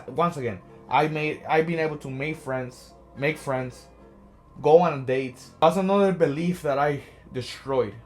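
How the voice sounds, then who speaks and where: A man's voice: a little high, a little mellow. A young man from America, talking as a motivational vlogger, earnest and often asking "right?". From Latin America. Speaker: social anxiety coach. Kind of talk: motivational vlog talk.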